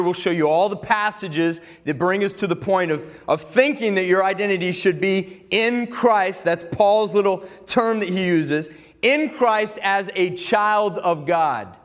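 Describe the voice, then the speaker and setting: A man preaching a sermon to a congregation in an animated, joking way, having them repeat words back to him. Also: sits high. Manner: calls for the audience to repeat words. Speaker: pastor. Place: church gathering room with listeners.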